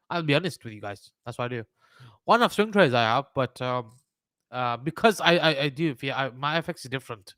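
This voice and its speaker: A man's voice: medium pitch, fairly bright tone, dry recording, studio quality. A man with a Birmingham accent hosting a trading livestream, talking through charts in a rambling, casual way, swearing and joking with his chat. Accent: Birmingham English.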